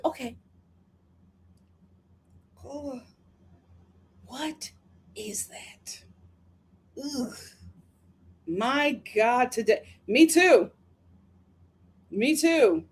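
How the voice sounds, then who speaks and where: An American woman hosting a live review stream. She reads viewer comments aloud and answers them in slangy, chatty talk, laughing often and drifting into quick asides. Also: sits high, expressive, slightly rough. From United States. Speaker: reality TV reviewer hosting a livestream. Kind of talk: casual livestream commentary reading viewer comments.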